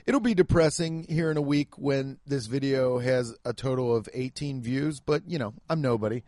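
A man's voice: medium pitch, moderate pace, darkish tone, no room sound. Rambling, jokey male comedian, dry sound. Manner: rambling, jokey, self-deprecating. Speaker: stand-up comedian hosting a podcast. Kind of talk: casual podcast chat.

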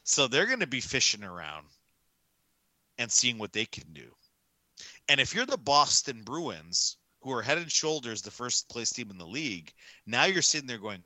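Man ranting bright and dry. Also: mid-range voice, very animated, moderate pace, no room sound. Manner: emphatic, ranting, repeats points for effect. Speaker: podcast co-host. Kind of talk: casual sports talk.

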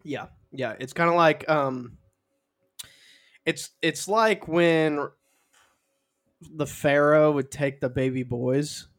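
A young man with a slightly higher voice than most men, co-hosting a casual podcast. He riffs loosely, drifting into goofy bits where he acts out absurd little scenes. His talk is loose and playful. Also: takes it slowly, pauses often, fairly bright tone. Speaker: podcast co-host. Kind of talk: casual chat.

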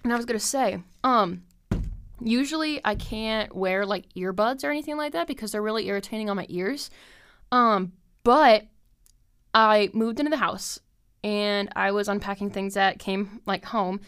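A podcast host in her twenties talks off the cuff, drifting between tangents with plenty of fillers. Her voice is smooth and resonant, sitting at an ordinary middle pitch for a woman. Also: normal speed, fairly bright tone. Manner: chatty and scattered, heavy with fillers and frequent laughs. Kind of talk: rambling casual chat.

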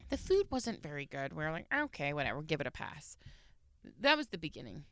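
A woman's voice: low voice, fast, dry recording. A woman in her thirties chatting casually on a podcast, telling an anecdote and acting out what people said. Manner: animated storyteller who acts out quoted lines.

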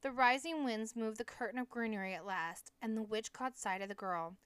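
Woman reading a novel aloud, smooth clear voice. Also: fairly high pitch, no room sound. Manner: steady, measured reading. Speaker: audiobook reader. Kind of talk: audiobook narration.

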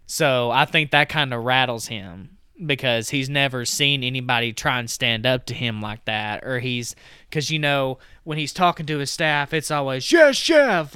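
This podcast co-host retells a film casually, wandering through the plot with frequent "like" and "you know." His voice is medium-pitched, sharp, clear, and resonant, recorded cleanly in a studio with no echo.

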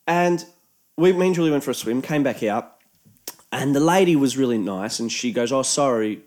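A man's voice: mid-range voice, lively intonation, moderate pace, a little mellow. A man with an Australian accent telling a rambling, profane anecdote in a casual chat, often mimicking other people's voices.

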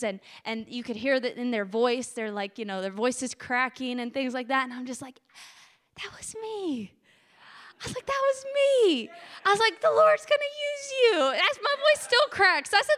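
A woman delivers a sermon in an animated, conversational way. Her voice sits high and sounds bright. She drives her points home by repeating key phrases. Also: in a large hall. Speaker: preacher.

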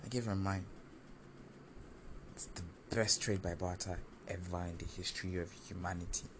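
A man telling a first-person story in an animated, confessional, self-mocking way. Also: low-pitched, moderate pace, background noise.

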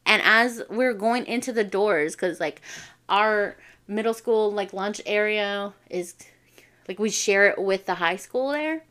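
A woman's voice: mid-range voice, unhurried, a bit bright. A young adult woman from a Navajo reservation, telling a personal story in casual, slangy speech and swearing freely. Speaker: vlogger.

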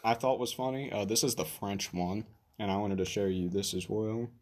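A man's voice: lowish voice, normal speed, darkish tone. A man hosting a casual video, joking and rambling with a friend. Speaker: video host. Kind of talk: casual chat.

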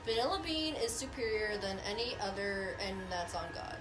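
Brash young woman, swears a lot, lively voice, echoey room w music. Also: mid-range voice, normal speed. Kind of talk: casual chat.

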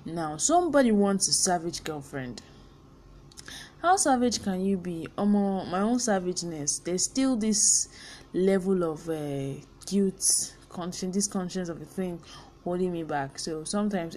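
A woman's voice: fairly low pitch, a little mellow, slight background noise. A young Nigerian woman hosting a personal podcast, speaking candidly and earnestly and slipping in pidgin phrases. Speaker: podcast host.

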